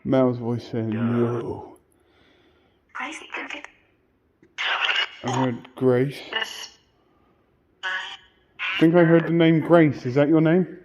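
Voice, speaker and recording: Man ghost-hunting alone in a church, earnest and hushed, questions put to empty air, muffled low-fi sound with faint hiss. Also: level tone, extremely slow, pauses often. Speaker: paranormal investigator. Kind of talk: solo ghost-hunting vlog. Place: inside an old church at night.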